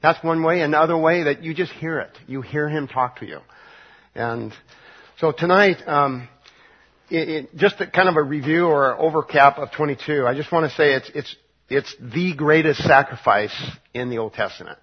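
A man preaching a midweek Bible study sermon, halting and full of fillers and restarts. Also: a little high, breathy edge, dull audio. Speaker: pastor.

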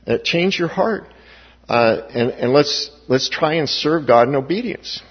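A man's voice: medium pitch, animated, a little slow, slightly rough. A man preaching a sermon as pastor, with emphatic rising stresses and frequent restarts. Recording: dull, echoey hall recording.

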